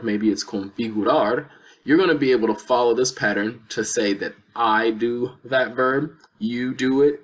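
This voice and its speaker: A man teaching a lesson, explaining step by step with patient repeated examples. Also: mid-range voice. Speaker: Spanish teacher. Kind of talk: lesson explaining verb conjugation.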